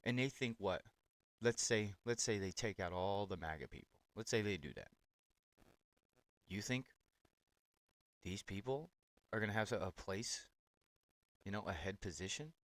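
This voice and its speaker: A man's voice: fairly low pitch, lively intonation, unhurried, long pauses, dry recording. A man hosting political reaction commentary on clips, talking in a blunt, sarcastic and profane way.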